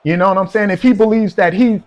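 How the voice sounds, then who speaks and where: A man's voice: high-pitched, fast talker, darkish tone, highs cut off. A man livestreaming a video game, talking casually with his chat in a teasing, rambling way, often chuckling and repeating "man" and "you know what I'm saying". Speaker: gaming live streamer. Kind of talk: casual live-stream banter with chat.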